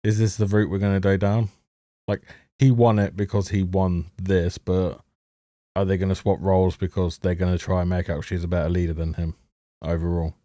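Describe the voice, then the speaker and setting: Profane sarcastic man ranting, mellow low voice. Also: level tone, normal speed, no room sound, clean studio sound. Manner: sarcastic, heavily profane, mocking laughs. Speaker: TV reviewer. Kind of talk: ranting commentary over a show.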